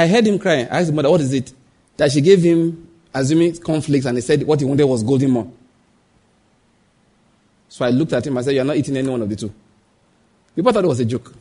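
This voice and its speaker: A man preaches a sermon in a fairly high, husky voice. He keeps asking the congregation rhetorical questions and drops into the voices of the people in his family stories. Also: dark tone. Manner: acts out quoted voices. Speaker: pastor.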